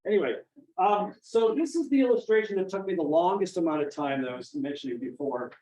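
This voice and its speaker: A man's voice: sits high, fairly quick. A middle-aged man from Maine, a children's author telling stories to kids at a library and acting out the voices of the people he quotes. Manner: animated, acts out quoted voices. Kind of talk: storytelling talk to children and families. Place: library event room. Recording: dull, echoey room from far off.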